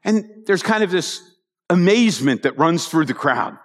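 A man preaching a conversational sermon, telling the story with animated asides to his congregation. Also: sits high, normal speed. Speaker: pastor. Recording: long hall reverb.

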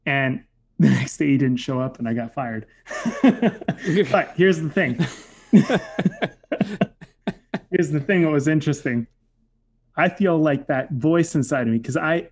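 A man with a fairly high, darkish voice tells a personal story in a casual, reflective way. His speech is heavy with fillers, especially "like" and "you know."

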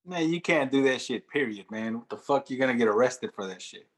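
A man co-hosts a casual radio talk show in a mid-pitched voice. He is blunt and profane. He rambles through his opinions, tossing in plenty of filler. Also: expressive, brisk, a bit bright. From Mexican-American. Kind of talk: casual podcast chat. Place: radio studio.

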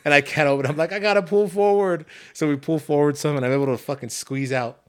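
A man's voice: medium pitch, fairly even intonation, quick pace. A young man on a podcast, casually telling a long profane story with laughing fits. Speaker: podcast host. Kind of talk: casual chat.

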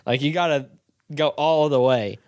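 A man's voice: a little high, moderate pace, a little mellow, no room sound, studio quality. A young man co-hosting a podcast with his father, talking in a laid-back, wry way and swearing casually. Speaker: podcast co-host, son. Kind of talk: casual chat.

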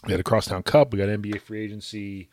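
A man co-hosting a podcast, talking sports in a casual, animated way. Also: fairly low pitch, no echo. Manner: animated, chatty, quick asides and laughs. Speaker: podcast co-host.

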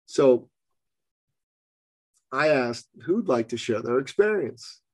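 Animated male storyteller, dry close sound. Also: mid-range voice, slow pace, husky, no echo. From Canada. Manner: animated storyteller, acts out quotes. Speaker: business coach guest. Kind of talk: storytelling in a podcast interview.

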